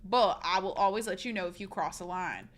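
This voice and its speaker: A woman's voice: medium pitch, brisk. A woman streamer, sick, talking frankly and casually straight to her live chat.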